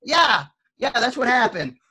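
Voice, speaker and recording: A man working as an on-field emcee, telling a story with lively energy and acting out the quotes. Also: sits high, normal speed, a crowd in the background. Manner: lively, acts out quotes in shifting voices. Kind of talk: animated storytelling.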